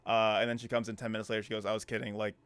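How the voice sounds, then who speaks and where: A young man is telling a story on a podcast, and he jumps into the voices of the people he quotes. His voice is smooth and the sound is dry and close. The feel is easy, casual chat. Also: lowish voice, racing, no echo. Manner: animated storytelling, acts out quotes. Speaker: podcast co-host.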